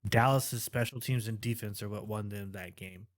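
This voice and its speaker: A man's voice: lowish voice, normal speed. A man co-hosting a casual fantasy football podcast, opinionated and trailing off into fillers. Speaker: podcast co-host. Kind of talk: casual sports chat.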